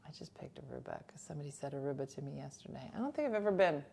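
A woman's voice: sits low, lively intonation, very fast, vocal fry, hardly any pauses, darkish tone, slightly rough. A woman hosting a talk show, chatting casually and joking with her co-hosts. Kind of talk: casual chat.

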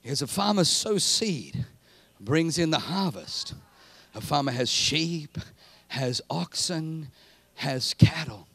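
Gentle low voice of God, put on by a man, measured. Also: lively intonation, exaggerated voice. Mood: tender. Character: calm fatherly God speaking to a man.

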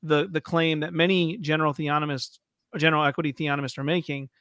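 A man hosting a podcast, talking through theology in a thoughtful, halting way with many fillers. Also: a little high, level tone, fairly bright tone, no room sound, clean studio sound. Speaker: podcast host. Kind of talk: casual theological discussion.

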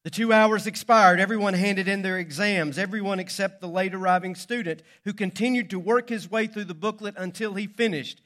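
A man's voice: sits high, steady tone, brisk, hardly any pauses, fairly bright tone. A male pastor preaching a sermon, telling a story with dramatic pacing.

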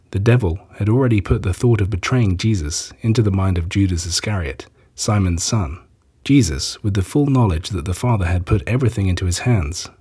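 A man reads scripture aloud in a slow, solemn, measured way. His voice is lowish, very husky and dark. The telling stays even and deliberate. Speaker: scripture reader. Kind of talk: scripted Bible reading.

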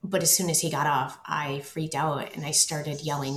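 A woman with a low voice recounts her own story as a guest, often stumbling and repeating words. Her voice carries a roomy echo. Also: level tone, normal speed, fairly bright tone, slight background noise. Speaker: interview guest. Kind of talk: personal storytelling.

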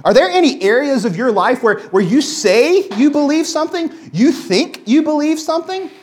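Male pastor, 30s, chatty sermon delivery, animated pitch. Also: moderate pace. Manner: conversational storytelling with lively swings.

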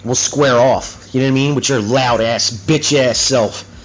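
On a dull lo-fi recording with faint music and slight hiss or hum, a man with a steady, mid-range voice speaks a little slowly. Hosting his own talk show, he rambles through an angry, profane rant, often saying "you know what I mean."

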